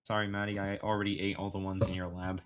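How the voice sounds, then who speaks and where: A man's voice: low voice, monotone, quick pace, fairly bright tone. Man narrating a webcomic on stream. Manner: plain second-person narration with joking asides. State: slightly worn voice. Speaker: streamer reading a webcomic aloud. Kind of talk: reading narration aloud with banter.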